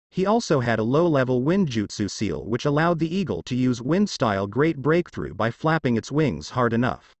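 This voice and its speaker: A man narrating a fan fiction story in an even storytelling delivery. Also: medium pitch, dry recording.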